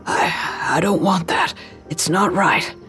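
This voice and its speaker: A woman's voice: fairly low pitch, slow pace, faint music behind. A woman voicing a breathless, unhinged man with a knife. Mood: stuttering, breathless. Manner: breathless and stuttering, swinging to shouts. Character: unstable, tormented male attacker with a knife.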